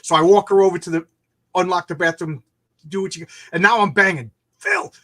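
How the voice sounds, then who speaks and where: A man in a casual chat who tells a story with animated energy, acting out the people in it. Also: sits high, brisk.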